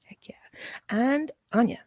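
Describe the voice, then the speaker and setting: A woman's voice: a little slow, darkish tone, dry recording. A woman hosting a tabletop game stream as game master, chatty and giggly. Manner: chatty and giggly, with frequent fillers.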